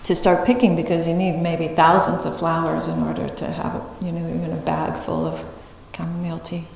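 A woman giving a dharma talk as a meditation teacher, telling a story in a reflective, unhurried way and laughing often. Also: low voice, flat delivery, gravelly, a little mellow, a little hiss or hum. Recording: echoey hall with faint ambience.

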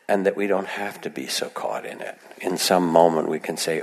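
A low-voiced man with a gravelly edge gives a gentle, unhurried dharma talk. He speaks in a conversational way, full of asides to his listeners. His voice rings with the long reverb of a large hall. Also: sing-song. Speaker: meditation teacher. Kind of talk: dharma talk to a live audience.

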